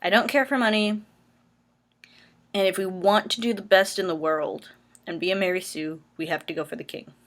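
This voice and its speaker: A woman's voice: medium pitch, steady tone, moderate pace. A woman reading an interactive story game aloud, breaking off into rambling, self-deprecating asides. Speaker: let's play player.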